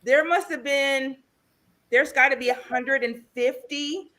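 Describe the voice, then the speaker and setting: A woman gardener in a casual chat, telling an excited story. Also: high voice, unhurried.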